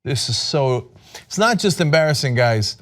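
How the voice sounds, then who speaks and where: A man giving sarcastic political commentary, mocking and exasperated, firing off rhetorical questions. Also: normal speed. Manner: mocking, exasperated, reads quotes aloud; rhetorical questions, lively pitch swings.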